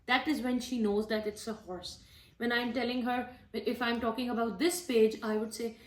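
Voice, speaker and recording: A young mother speaks in a casual, friendly way as she walks through tips on reading to her little ones. Her voice sits a bit high, and she explains things patiently with the odd filler. The room adds a noticeable echo. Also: level tone, normal speed. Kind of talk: casual instructional talk showing books. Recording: roomy echo.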